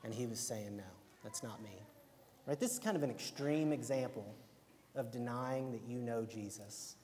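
A man's voice: mid-range voice, expressive, moderate pace, darkish tone, slight background noise. Alabama-accented man preaching in a hall. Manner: conversational, keeps asking "right?". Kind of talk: casual sermon. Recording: long hall reverb.

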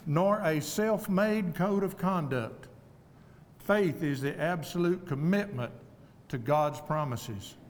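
A man preaching an evening sermon, earnest and humble, speaking in a measured way with deliberate pauses. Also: sits high. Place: church auditorium. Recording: long reverb of a church hall.

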